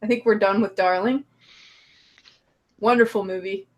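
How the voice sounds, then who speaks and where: A woman's voice: mid-range voice, moderate pace. A woman co-hosting a podcast, chatting casually and emphatically about a horror movie. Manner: animated, emphatic, laughs easily. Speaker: podcast co-host.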